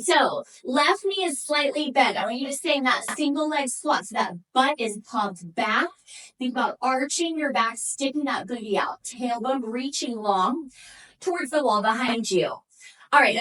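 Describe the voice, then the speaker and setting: A woman's voice: high-pitched, sharp tone. A woman leading a Pilates workout, coaching and counting down reps while exercising and breathing hard. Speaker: Pilates instructor. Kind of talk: workout instruction. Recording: distant from the mic.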